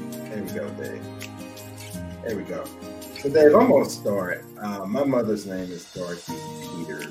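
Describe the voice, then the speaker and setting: Man, very low voice, middle-aged, earnest and heartfelt, podcast co-host, faint music behind. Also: very animated, normal speed. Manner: earnest, emotional, speaks directly to his mother.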